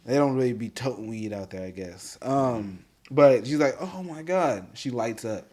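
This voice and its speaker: A man chatting casually on a podcast, retelling a story in a loose, slangy way. His voice sits at an ordinary middle pitch and he leans on fillers as he goes. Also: normal speed, dark tone. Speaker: podcast co-host. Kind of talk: casual chat.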